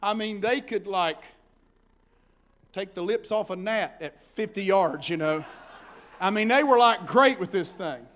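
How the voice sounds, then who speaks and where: High-voiced folksy preacher. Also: male voice, a little slow. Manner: folksy, animated preaching with shouted peaks. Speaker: pastor. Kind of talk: sermon.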